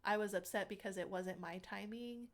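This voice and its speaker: A woman's voice: mid-range voice, steady tone, normal speed. Chatty young woman telling a story. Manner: chatty, many "like" fillers, acts out quotes. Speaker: interview guest. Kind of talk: casual storytelling.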